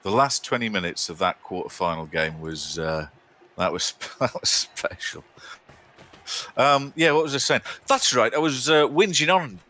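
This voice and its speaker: Teasing man with a bright voice. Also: medium pitch. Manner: teasing, rambling, quick to mock outrage. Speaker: co-host. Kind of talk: casual live-stream chat.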